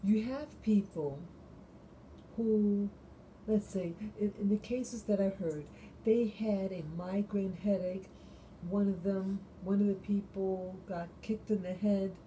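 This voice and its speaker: A woman vlogger talking alone late at night in a halting, musing way, often stopping and restarting her sentences. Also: medium pitch, fairly even intonation, dark tone, slight background noise, poor audio. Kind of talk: late-night solo monologue.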